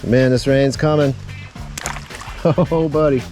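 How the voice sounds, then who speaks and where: A man, excitedly narrating his creek fishing trip to viewers. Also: medium pitch, takes it slowly, faint music behind. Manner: excited, drawling exclamations to viewers. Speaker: fishing vlogger. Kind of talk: casual outdoor commentary.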